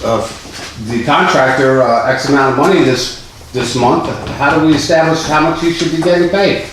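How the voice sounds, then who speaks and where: A man's voice: fairly high pitch, moderate pace, fairly bright tone. A man on a library board argues his point at a tense public meeting. He presses and interrupts with a sarcastic, combative edge. His voice rings out in an echoey meeting room, with a faint murmur of room noise underneath. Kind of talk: heated board meeting argument. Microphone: distant camera.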